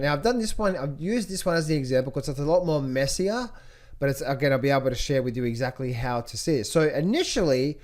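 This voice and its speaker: A man teaching trading as he walks through charts, repeating key phrases and asking rhetorical questions. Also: medium pitch. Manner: repetitive, rhetorical questions, animated pointing out. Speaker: trading educator. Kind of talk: screen-share chart walkthrough.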